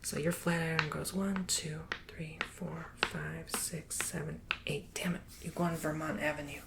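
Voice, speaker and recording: A man's voice: a little high, level tone, normal speed, creaky, noisy background. A man teaching a board game in a whispered ASMR tutorial, playful and sassy, calling the listener honey. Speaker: ASMR creator.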